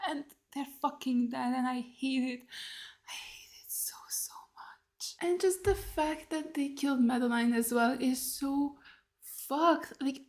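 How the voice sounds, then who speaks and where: A woman with a fairly high voice vents in a casual on-camera reaction. She is blunt and swears freely, sounding upset and exasperated, and throws out rhetorical questions with "like" all through her talk. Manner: blunt and heavily profane, talking straight at the screen. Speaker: YouTube reactor watching a TV series.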